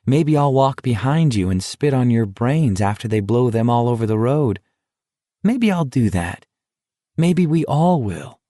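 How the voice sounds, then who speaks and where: Man voicing bitter teenage boy, cold, drawn-out, audiobook, slow pace. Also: mid-range voice, lively intonation, warm tone, no room sound, clean studio sound, lightly acted. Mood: cruel. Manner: cold and cruel, drawn-out delivery. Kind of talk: audiobook character voice.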